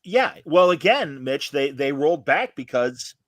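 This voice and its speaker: A man talking through a casual fan chat in an animated, opinionated way, stumbling into restarts as he goes. His voice has a bright, forceful edge, and the recording is dry and close. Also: on the high side, unhurried, no room sound. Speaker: podcast co-host.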